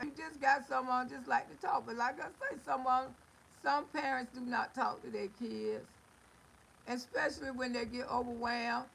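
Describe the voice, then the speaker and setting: A middle-aged woman talks straight into her phone during a livestream. Her voice sits high and carries a gravelly edge. She scolds her viewers in a folksy way and drifts into stories. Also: steady tone, moderate pace, fairly bright tone, rough recording. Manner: folksy, scolding, storytelling with laughs and exclamations. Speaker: livestream host. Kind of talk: casual livestream talk to viewers.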